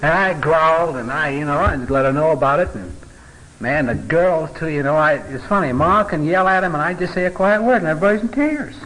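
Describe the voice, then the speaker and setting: A man's voice: fairly high pitch, expressive, fairly quick, a bit bright, low-quality recording. A middle-aged man teaching a Bible passage in a folksy, conversational way, with joking asides and filler words.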